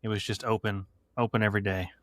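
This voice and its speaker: A man co-hosting a casual podcast, dropping dry, deadpan jokes. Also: on the low side, fast talker, no echo. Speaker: podcast co-host.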